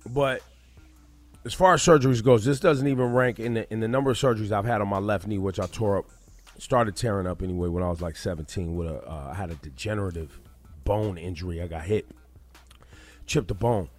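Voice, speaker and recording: A man's voice: on the low side, a little fast, faint music behind. Blunt joking male radio host. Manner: blunt, joking, loose and rambling. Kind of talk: casual morning radio banter. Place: radio studio. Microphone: studio microphone.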